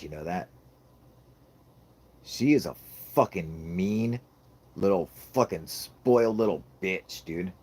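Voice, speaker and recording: Deep husky guy cussing nonstop, laughing, voice jumps all over. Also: darkish tone, slight background noise. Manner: profane, laughing, rambling comic rant. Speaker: podcast host. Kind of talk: casual chat.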